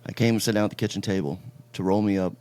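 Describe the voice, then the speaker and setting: A man hosting a casual chat podcast, his voice sitting on the low side. He talks in a relaxed, storytelling way and drops the odd curse. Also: very fast. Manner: laid-back storytelling, swears casually. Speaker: podcast host.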